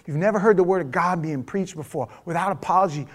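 A man preaching a verse-by-verse sermon, swinging between hushed, intimate asides and loud, mocking quotes of imagined listeners. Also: sits high, a little fast, gravelly, hardly any pauses. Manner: animated preaching, swinging from hushed asides to near-shouting mimicry. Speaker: pastor. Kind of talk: expository sermon.

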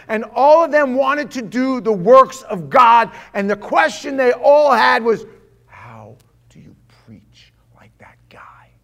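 This forties-aged pastor preaches with real energy, shifting from booming outbursts to whispered asides and acting out each quotation. His voice is very high.

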